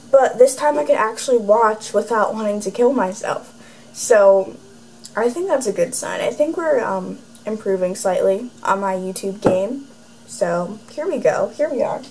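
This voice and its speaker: Brief: teen girl vlogger, higher voice, rambling and sarcastic, filmed at home on camera. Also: darkish tone, a little hiss or hum, rough recording. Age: teens. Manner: rambling and sarcastic, heavy use of "like". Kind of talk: casual chatty vlog. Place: room at home, indoors. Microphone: camera facing her.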